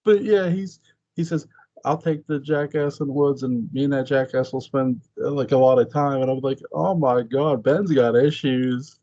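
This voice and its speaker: A man chatting casually as a podcast host, excitable and swearing freely, his voice jumping up high when he exclaims. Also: moderate pace, highs cut off. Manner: swears freely, laughs often. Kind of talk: casual chat.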